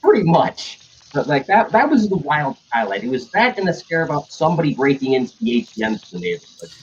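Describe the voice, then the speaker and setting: A young streamer with a slightly high voice and big pitch swings rattles through a story at speed, acting out what others said and swearing liberally. The audio is dull and lo-fi, with a little hiss or hum underneath.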